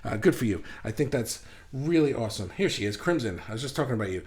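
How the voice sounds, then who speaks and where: A man's voice: mid-range voice, lively intonation, moderate pace. A man hosting a casual livestream, chatting in a rambling way and reading viewer comments aloud. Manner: rambling and chatty, with frequent restarts. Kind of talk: casual live chat.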